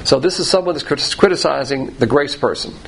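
A man's voice: a little high, fairly quick, creaky, a little hiss or hum, low-quality recording. A man teaching through a Bible passage verse by verse, talking conversationally and often repeating himself while he finds his words. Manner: conversational, repeats words and restarts, spells out terms.

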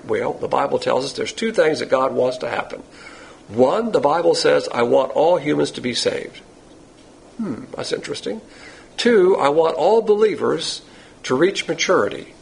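A man's voice: medium pitch, vocal fry, husky, rough recording. A man preaching a sermon as pastor teacher, blunt and emphatic, firing rhetorical questions at his listeners and answering them himself.

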